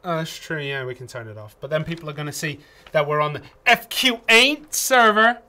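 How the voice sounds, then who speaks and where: Man from England, bright tone, slightly high, casual game tutorial host, chatty with ums. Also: animated, brisk. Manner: chatty, many ums and restarts. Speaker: community manager co-hosting a game tutorial stream. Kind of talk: casual livestream tutorial chat.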